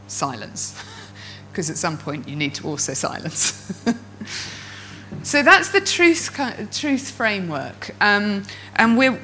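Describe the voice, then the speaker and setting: Poor audio captures a woman coach with a fairly low voice giving a talk to fellow coaches, where she tells stories expressively and voices characters' inner thoughts.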